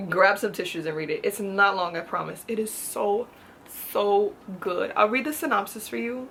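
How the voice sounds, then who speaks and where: A woman's voice: medium pitch, moderate pace, vocal fry, fairly bright tone, a little hiss or hum. A woman talking casually in a book haul vlog, gushing and chatty, repeating herself for emphasis. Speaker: book vlogger.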